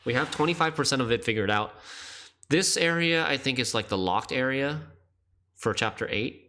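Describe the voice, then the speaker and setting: A man's voice: mid-range voice, animated, moderate pace, pushed and bright. A man streaming a game, chatting casually and thinking aloud as he plays, often laughing.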